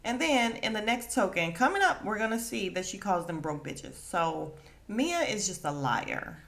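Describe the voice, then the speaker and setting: A woman's voice: medium pitch, big pitch swings, normal speed, creaky, fairly bright tone. Chatty, gossipy woman podcast host. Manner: chatty, gossipy, laughs often; acts out quotes in put-on voices. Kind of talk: casual reality-show recap.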